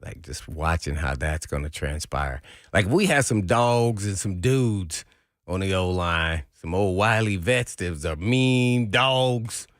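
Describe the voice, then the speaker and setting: A man's voice: sits low, takes it slowly, dry recording, clean studio sound. A man, a radio co-host and former football player, talking sports casually and acting out quotes with frequent laughs. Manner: animated storyteller, laughs often, acts out quotes. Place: radio studio.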